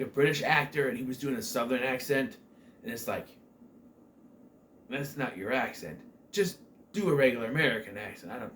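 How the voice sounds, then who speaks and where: A man's voice: mid-range voice, fairly bright tone, a little hiss or hum. Rambling man reviewing a film. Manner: rambling, with many fillers and restarts. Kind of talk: casual spoken movie review.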